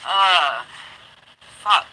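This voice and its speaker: A woman's voice: lowish voice, animated, extremely slow, sharp tone, a little hiss or hum, rough recording. A woman being interviewed, telling her own story in a heated, profane way and acting out what she said back then. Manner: profane, heated retelling with quoted outbursts. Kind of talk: candid personal storytelling.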